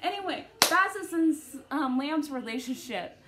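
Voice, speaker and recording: High-pitched woman rambling thru a book review to camera, keeps cutting herself off. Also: lively intonation, measured pace, background noise. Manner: chatty, rambling, self-interrupting with lots of fillers.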